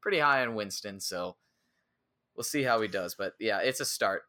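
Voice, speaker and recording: A man's voice: lowish voice, lively intonation, moderate pace, bright, forceful tone. A man co-hosting a fantasy football show, in casual sports chat, joking and tossing out dry one-liners. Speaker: fantasy football podcast co-host.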